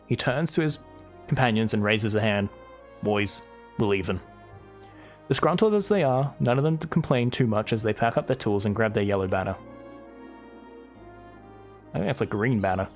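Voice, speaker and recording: Man streaming a game, wry asides. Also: mid-range voice. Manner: wry, reads dialogue aloud with asides. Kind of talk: live gameplay commentary, reading game text aloud.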